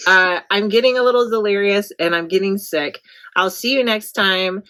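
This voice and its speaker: A woman's voice: mid-range voice, normal speed, bright, forceful tone. A woman artist chatting while she paints, with a nasal voice and a cold coming on, laughing often and rambling. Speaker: artist and channel host. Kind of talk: casual chat while painting.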